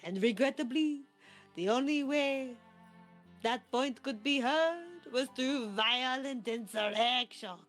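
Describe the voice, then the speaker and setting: A man voicing an older male professor from a video game, reading the dialogue in a measured storyteller's way. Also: very high voice, a bit bright, faint music behind, exaggerated voice. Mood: solemn.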